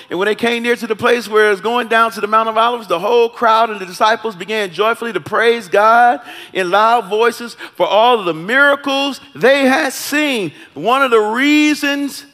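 A man preaching a sermon, moving between slow teaching and loud shouted calls to the congregation. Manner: builds from calm teaching to shouted, high-pitched calls. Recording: long hall reverb.

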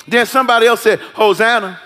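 A man preaching a sermon, moving between slow teaching and loud shouted calls to the congregation. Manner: builds from calm teaching to shouted, high-pitched calls. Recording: long hall reverb.

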